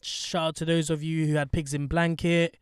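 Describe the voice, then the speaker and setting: A man's voice: fairly high pitch, little pitch movement, normal speed, smooth, no room sound, studio quality. A man hosting a podcast, chatting in a blunt, joking, sweary way with lots of slang. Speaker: podcast host. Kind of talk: casual chat.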